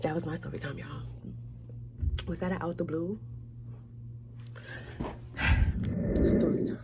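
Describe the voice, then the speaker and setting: A young woman from New York telling a storytime tale in a sassy, animated way, dropping to whispered asides. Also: sits low, takes it slowly, creaky, noisy background. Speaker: vlogger. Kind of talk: storytime chat.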